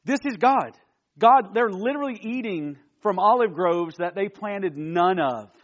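A high-voiced youth pastor delivers a sermon to young listeners in a casual, animated style, repeatedly firing rhetorical questions at them. His pace is a little slow, and the recording has a dull, lo-fi quality.

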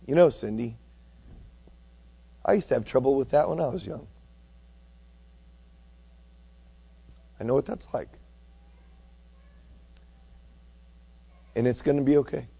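A man voicing a gentle old man from his congregation, speaking low and hushed. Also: animated, fast, vocal fry, breathy edge. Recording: tinny phone-like sound.

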